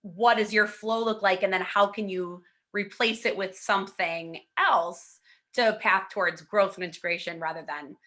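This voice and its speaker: A woman hosting an interview, agreeable and quick to chime in with affirmations. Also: medium pitch, steady tone, sharp tone. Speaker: host. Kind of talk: casual interview chat.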